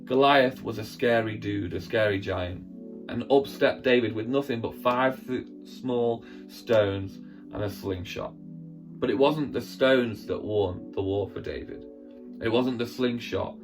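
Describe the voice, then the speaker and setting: A man, a church presenter, telling a Bible story in a lively, acted-out way with sound effects. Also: medium pitch, measured pace, music in the background.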